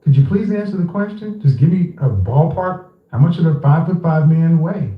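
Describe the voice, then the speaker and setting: A man's voice: on the high side, expressive, moderate pace. A man on a podcast clip, pushy and argumentative, rattling off statistics. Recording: tinny, echoey played-back clip.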